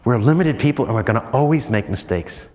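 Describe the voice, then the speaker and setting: An American man, a priest, telling stories in a chatty, self-mocking retreat talk full of "you know"s, and often breaking into animated high swoops. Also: a little fast, big-room sound. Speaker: priest giving a spiritual talk.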